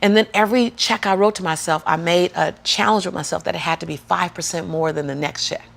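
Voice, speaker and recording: Gravelly, animated woman storyteller. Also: fairly low pitch, fast talker. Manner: animated, laughing storyteller, preacherly build-ups. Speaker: motivational speaker, guest. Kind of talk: storytelling interview talk.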